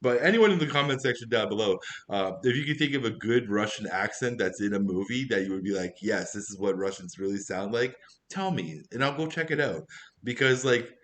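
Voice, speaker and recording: A man's voice: mid-range voice, lively intonation, brisk, a bit bright. A man giving a casual spoken movie review, rambling and chatty with frequent asides.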